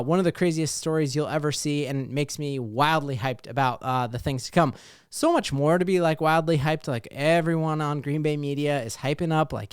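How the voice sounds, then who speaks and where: A man hosting a casual sports talk show, excited and rambling with lots of fillers. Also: on the high side, smooth, no echo, studio quality.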